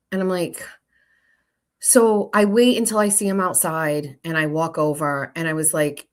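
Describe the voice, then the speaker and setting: Female host with a low voice, loose chatty storyteller, swears freely, recorded in an office. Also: steady tone, unhurried. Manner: chatty, swears freely, breaks off to talk to others. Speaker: show host. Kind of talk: casual storytelling to a live audience.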